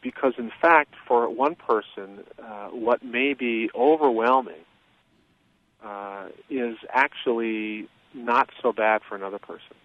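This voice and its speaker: Male expert guest, measured and explanatory, heard over a dry, phone-like line. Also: medium pitch, no echo. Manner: measured, explanatory, many fillers. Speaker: guest expert on childhood trauma. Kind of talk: interview explanation. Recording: tinny phone-line sound.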